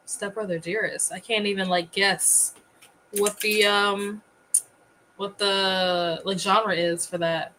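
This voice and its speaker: A woman hosting a casual livestream, chatty and quick to laugh as she greets viewers. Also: mid-range voice, steady tone, bright, forceful tone, slight background noise, low-quality recording. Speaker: livestream host.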